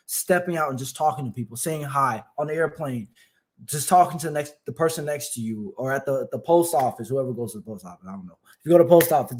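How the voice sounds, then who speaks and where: Brief: young male guest from Atlanta, notably high voice; lively, laughing storyteller. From Atlanta, United States. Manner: animated storyteller, fast bursts, laughs easily. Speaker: podcast guest. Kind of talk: casual podcast conversation.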